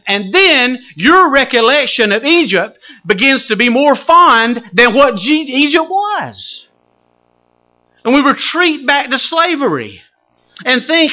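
A male preacher delivering a sermon, swinging between loud exclamations and hushed asides. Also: extremely high pitch, sing-song, normal speed.

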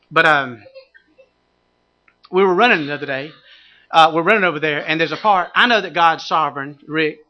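A man's voice: a little high, dull audio. A middle-aged male pastor preaching a sermon, telling a funny personal story and rising to fervent exhortation. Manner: animated, humorous storytelling that builds to shouted exhortation.

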